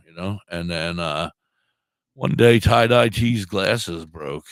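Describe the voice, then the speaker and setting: Low-voiced man with a sore throat. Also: no room sound. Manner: animated, acts out quoted dialogue, swears freely. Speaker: puppeteer and live streamer. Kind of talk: casual storytelling on a radio talk show.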